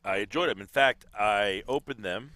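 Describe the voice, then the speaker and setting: A man's voice: lowish voice, normal speed, bright, forceful tone, no echo. A man with a Californian accent giving color commentary on a baseball game into a headset, breaking down plays conversationally.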